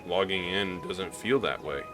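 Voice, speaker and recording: With music in the background, a low-pitched man from Missouri, in the Midwest, talks at a measured pace in his casual gaming vlog. He has a slight Southern drawl and speaks openly, wandering off track and restarting frequently.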